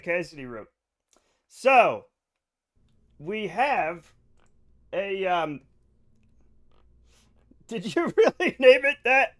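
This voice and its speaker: Excitable high-voiced male streamer. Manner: excitable, loud bursts greeting viewers. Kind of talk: live game stream chat.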